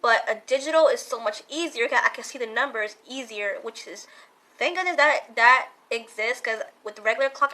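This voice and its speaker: A young woman vlogging a casual question-and-answer talk, earnest and halting, often repeating herself as she explains. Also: a little high, pushed and bright, rough recording.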